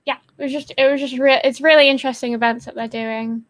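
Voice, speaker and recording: High-voiced young woman, rambling casually. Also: steady tone, quick pace. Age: young adult. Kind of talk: casual livestream chat.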